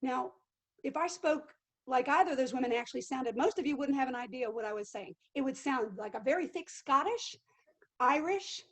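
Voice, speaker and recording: A middle-aged woman, a living history actress, answering interview questions in an animated way and acting out quotes. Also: sits high, moderate pace. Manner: animated, acts out quotes and accents.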